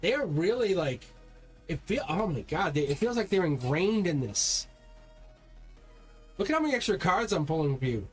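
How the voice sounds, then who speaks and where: Male tarot streamer, fairly high voice, rambling and heated, faint music underneath. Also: big pitch swings, normal speed, long pauses. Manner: talks straight to viewers, swears when heated; rambling, repeats words and restarts. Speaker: tarot reader. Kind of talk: live-stream tarot reading.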